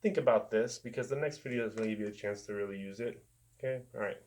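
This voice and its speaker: A man teaching a music rhythm lesson, chanting fruit names in steady beats and adding chatty asides to his viewers. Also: lowish voice, fast. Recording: noisy home recording.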